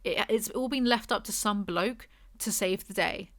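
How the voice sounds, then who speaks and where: A woman's voice: mid-range voice, normal speed, no echo, studio quality. A young woman reviewing a book with snarky, exasperated, mocking commentary.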